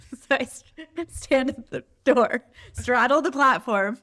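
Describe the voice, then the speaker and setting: A woman's voice: fairly high pitch, unhurried, sharp tone. A woman from Canada co-hosting a podcast, explaining context in a friendly way and laughing often. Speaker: podcast co-host. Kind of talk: casual storytelling chat.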